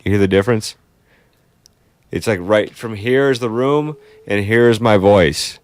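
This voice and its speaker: A man's voice: fairly low pitch, a little slow, a little mellow, no echo. A man co-hosting a call-in talk show, laid-back, explaining audio issues in casual chat.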